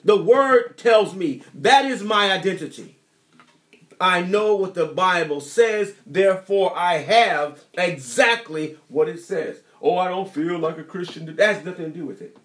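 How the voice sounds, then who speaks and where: A high-pitched man delivers a sermon with insistent emphasis, repeating his points and firing rhetorical questions at his listeners. His voice rings out in a noticeably echoey room. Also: animated, measured pace, a bit bright. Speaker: preacher.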